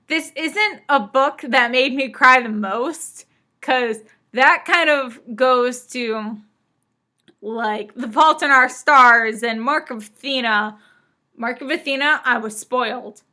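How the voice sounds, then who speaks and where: A woman's voice: sits high, sharp tone. A young woman chatting casually in a book vlog, bubbly and gushing. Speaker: book vlogger. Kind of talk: casual chat.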